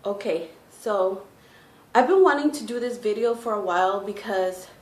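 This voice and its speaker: A woman's voice: mid-range voice, lively intonation, normal speed. A heavily pregnant woman chatting casually to her viewers, full of "like" and "you know". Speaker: vlogger. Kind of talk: casual storytime. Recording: echoey room with faint noise.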